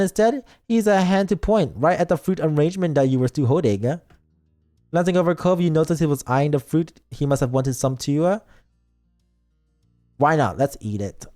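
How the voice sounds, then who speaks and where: A man's voice: a little high, lively intonation, normal speed, mellow, soft background music. A man streaming as a VTuber, reading a story game aloud and breaking off for teasing asides to chat. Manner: playful, reads lines aloud and reacts with teasing asides.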